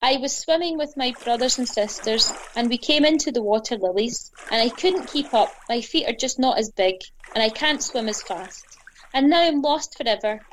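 A woman's voice: a little high, expressive, a little hiss or hum, close to an everyday voice. A woman voicing a small, frightened lost duckling who cries and stammers. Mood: tearful. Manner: tearful, halting.

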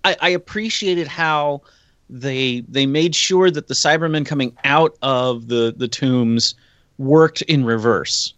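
A man's voice: medium pitch, slow, a bit bright, clean tone, no room sound. An American man chatting as a podcast guest, rambling and searching for his words. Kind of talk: casual podcast chat.

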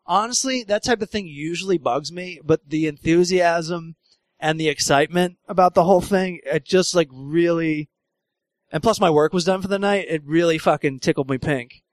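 A comedian hosting a podcast, telling road stories in casual chat, acting out voices, laughing often and swearing freely. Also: male voice, fairly high pitch, normal speed, no echo. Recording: dry close mic.

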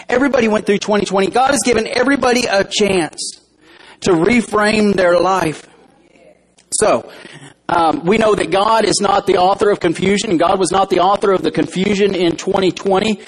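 Husky high-voiced male pastor preaching. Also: normal speed, rough recording. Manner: conversational preaching with questions to the congregation. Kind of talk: sermon. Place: church.

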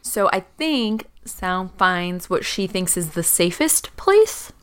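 A woman's voice: lowish voice, expressive, slow pace, clean tone. A woman player in a tabletop game, talking casually and asking questions.

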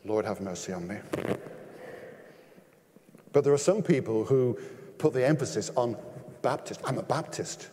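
Older pastor preaching in a reverberant hall. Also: male voice, animated, unhurried, pauses often, a little hiss or hum. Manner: emphatic, rhetorical questions, sudden rises in pitch and loudness. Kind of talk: sermon.

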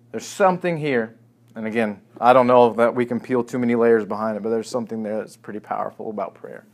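Male preacher, mid-pitched, conversational sermon delivery that swells into dramatic scripture reading. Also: fast talker. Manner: animated, acting out scripture quotes with sarcasm.

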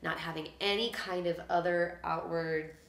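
A woman with a slightly low voice chats casually about her life as a musician. She tells stories in a lively way and acts out the quotes. The room around her sounds echoey. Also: moderate pace. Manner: chatty storyteller, acts out quotes. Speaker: musician guest. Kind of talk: casual chat.

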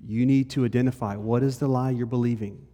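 A man's voice: mid-range voice, fairly quick. Male pastor preaching in a reverberant hall. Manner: conversational preaching, shifts between animated and hushed. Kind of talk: sermon.

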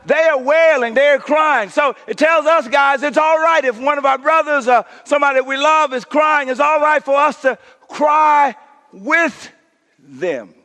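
A man preaching a sermon as pastor, calling the congregation to respond and dropping to a hush for emphasis. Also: extremely high pitch. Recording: long reverb in a church hall.

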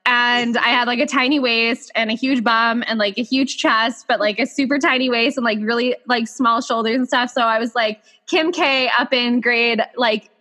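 A woman hosting a podcast, telling a personal story in casual chat, animated and full of "like". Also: on the high side, normal speed, few pauses. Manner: animated, filler-heavy "like" talk. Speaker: podcast host.

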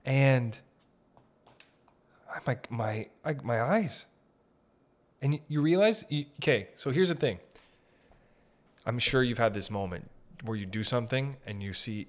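A man's voice: mid-range voice, unhurried, long pauses. A man from Northern Ontario hosting a podcast, telling profane, rambling comic stories. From Northern Ontario, Canada. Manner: profane, rambling, animated anecdotes. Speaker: podcast host. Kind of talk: comedic storytelling chat.

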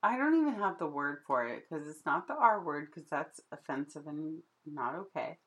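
A woman co-hosting a podcast in casual chat, chatty and quick to laugh. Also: deep voice, animated, fairly bright tone. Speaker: podcast co-host.

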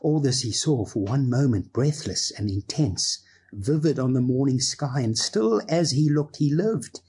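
Husky preacher. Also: male voice, mid-range voice, measured pace. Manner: expressive reading, drops into casual asides. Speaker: pastor. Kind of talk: sermon.

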